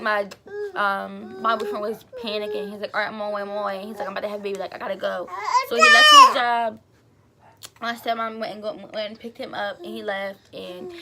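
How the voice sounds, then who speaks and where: Young woman vlogger, casual storytime, chatty and rambling, noisy background hiss. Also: medium pitch. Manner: chatty, filler-heavy storytelling.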